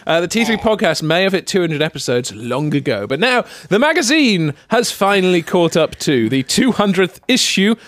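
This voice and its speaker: A man hosts a podcast in a studio, his voice a little high and the sound very dry. He chats casually and hunts for words, restarting his sentences as he goes. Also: sing-song, a bit bright, dry recording. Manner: chatty, halting with restarts and fillers. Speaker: podcast host. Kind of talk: casual chat.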